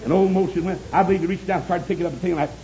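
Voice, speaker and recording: Fervent high-voiced man preaching. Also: fairly even intonation, racing, noisy background. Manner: fervent, shouts praise, folksy storytelling. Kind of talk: sermon. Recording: dull lo-fi recording with congregation.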